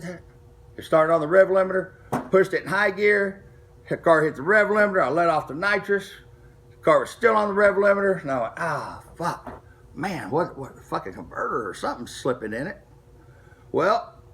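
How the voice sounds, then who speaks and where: A middle-aged man casually telling a racing story to camera, profane and animated, acting out the people he quotes. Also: sits high. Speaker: street racer telling a story.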